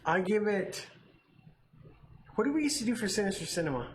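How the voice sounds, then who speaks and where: A man's voice: high-pitched, big pitch swings, a little fast, slight background noise. A man co-hosting a casual movie chat, a profane storyteller who laughs a lot. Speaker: podcast co-host.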